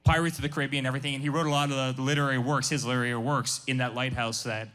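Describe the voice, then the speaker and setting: A man's voice: mid-range voice, level tone, racing, pushed and bright, soft background music. A man speaking as a guest business founder at a live workshop, emphatic and passionate, often repeating his words.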